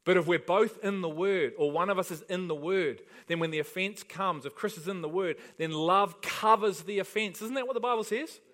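A man's voice: high-pitched, normal speed, hardly any pauses, fairly bright tone. A man pastor delivering an emphatic sermon, often asking the congregation rhetorical questions.

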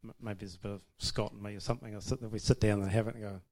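Sharing about marriage in a casual church testimony, this man speaks at a racing pace in a fairly low, flat, slightly mellow voice. He's conversational and self-mocking, with plenty of laughter.

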